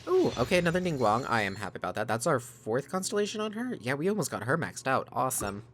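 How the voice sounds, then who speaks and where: Chatty and casual, a man hosting a let's play talks to his viewers as "guys" through a desk mic while commenting on the game. His medium-pitched voice swings widely in pitch, moves at a quick pace, and sounds fairly bright, with a little hiss or hum.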